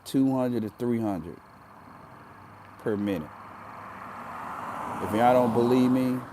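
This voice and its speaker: A man's voice: medium pitch, slow pace, dark tone, a little hiss or hum. A man telling a personal story in a casual, earnest way, often repeating himself for emphasis.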